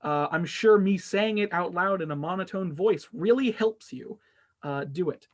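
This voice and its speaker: A man's voice: high-pitched, normal speed. A man hosting a casual gaming podcast, rambling and self-deprecating, with lots of fillers and restarts. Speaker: podcast host.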